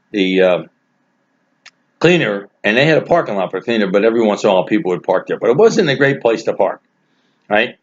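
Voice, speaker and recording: A man casually telling a family anecdote, animated and laughing through his own story. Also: mid-range voice. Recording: dull lo-fi recording.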